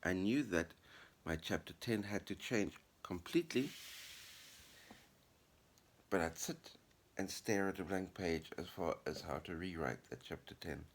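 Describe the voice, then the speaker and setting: A man's voice: deep voice, lively intonation, measured pace. A middle-aged man vlogging casually to camera, chatty and upbeat with a rambling way of talking. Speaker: vlogger and writer. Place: apartment living room.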